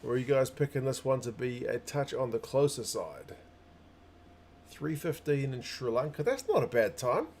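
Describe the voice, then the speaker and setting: A man's voice: mid-range voice, sing-song, normal speed, darkish tone, slight background noise. A young man hosting a casual livestream, chatty and upbeat as he greets viewers by name. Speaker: livestream host.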